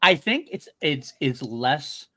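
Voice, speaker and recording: An excitable man co-hosting a casual podcast, his voice bright and forward. He talks emphatically, circling back and repeating his points. Mid-range pitch, easygoing chat. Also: takes it slowly. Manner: enthusiastic, emphatic, repeats himself. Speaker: podcast co-host.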